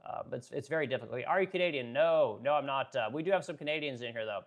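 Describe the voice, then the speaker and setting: A man hosting a political livestream, ranting, swearing freely, using many fillers, and stopping to read and answer viewer chat. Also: mid-range voice. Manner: fast-talking, ranting, profane, filler-heavy. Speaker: livestream host.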